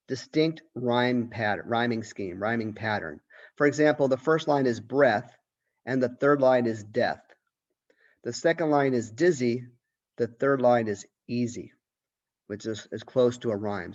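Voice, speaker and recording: Guy professor doing a lit lecture, mid-pitched voice, kinda lo-fi audio, lots of restarts. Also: a little mellow. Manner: thinking aloud, restarts, asks questions. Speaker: college literature professor. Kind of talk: recorded lecture.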